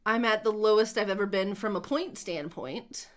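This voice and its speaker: A woman's voice: mid-range voice, normal speed. A woman co-hosting a casual gaming livestream, rambling and joking about herself with frequent giggles. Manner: giggly, rambling, self-deprecating.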